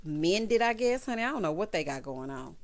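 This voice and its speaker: Brief: woman vlogger, animated and sassy recap voice, swooping pitch. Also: a little fast. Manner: animated and sassy, peppered with "honey" and "child". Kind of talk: casual recap commentary.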